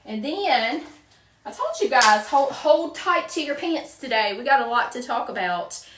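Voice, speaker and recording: A woman's voice: high-pitched, expressive, unhurried, background noise. A woman with a Southern accent hosting a crafting livestream, chatting upbeat and straight to her viewers. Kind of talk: casual live chat while working. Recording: roomy, mic at a distance.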